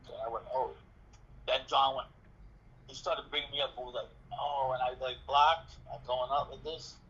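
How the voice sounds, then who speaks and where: Husky, bright-voiced man telling a story. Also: medium pitch. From New York City. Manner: animated, acts out dialogue, swears freely. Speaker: interviewee. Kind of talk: casual storytelling. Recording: dull lo-fi recording.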